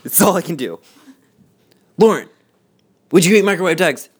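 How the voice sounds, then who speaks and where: In a cold house, this podcast host trades casual joking banter in a high, expressive, slightly rough voice at a moderate pace. His delivery is theatrical and mock-outraged, with plenty of swearing.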